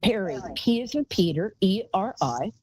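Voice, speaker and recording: A woman's voice: medium pitch, big pitch swings, moderate pace, dark tone, rough recording. A woman hosting a live call-in psychic show, talking in a chatty, rambling way and calling callers darling.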